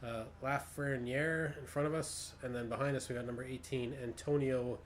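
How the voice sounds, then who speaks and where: A man's voice: mid-range voice, fairly even intonation, moderate pace, slight background noise. Joking male sim-racing streamer. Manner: joking, laughing, chatty with viewers. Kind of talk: casual live-stream chat while racing.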